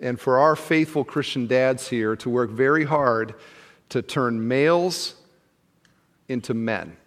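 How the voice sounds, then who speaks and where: A man preaching a sermon as pastor, telling a story with lively acted-out exchanges before an earnest appeal to fathers. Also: medium pitch, takes it slowly, long reverb tail. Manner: animated storyteller who acts out the people in the story. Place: large church auditorium.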